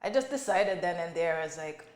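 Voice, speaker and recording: A woman's voice: fairly low pitch, lively intonation, fairly quick, darkish tone, echoey room. Woman guest recounting an emotional story. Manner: emotional, quotes others' words. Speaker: podcast guest. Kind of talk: personal story in conversation.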